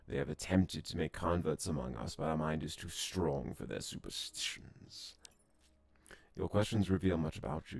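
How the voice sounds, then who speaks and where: A man voicing a proud, wary alien envoy from a space game, reading its lines in a formal, measured way. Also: low-pitched, creaky, husky, no room sound, heavily acted. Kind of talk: reading game dialogue aloud.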